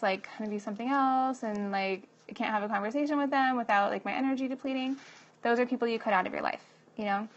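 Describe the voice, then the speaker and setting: A young woman in her late twenties chats casually, laughing often and leaning on fillers as she gives advice. Her voice sits a little high. The recording sounds muffled and dull. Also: fairly bright tone. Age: 20s. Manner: chatty, laughs often, many fillers like "like" and "you know". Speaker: vlogger giving advice to young moms.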